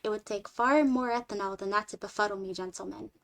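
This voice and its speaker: A woman voicing a weary male alien scout from a storybook, speaking slowly in a flat, formal way, lower and quieter than her reading voice. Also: gravelly. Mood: grave.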